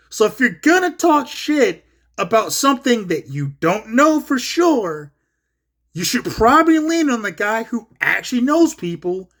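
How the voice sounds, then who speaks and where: A man's voice: extremely high pitch, a bit bright. A man hosting his own commentary video, retelling an online argument in a blunt, profane, casual rant full of quoted back-and-forth. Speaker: solo commentary host.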